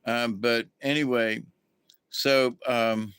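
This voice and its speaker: A middle-aged man hosts a livestream, telling a rambling, folksy story to the live chat and greeting viewers as he goes. His medium-pitched voice is steady, slow, fairly bright, and smooth, with no room sound.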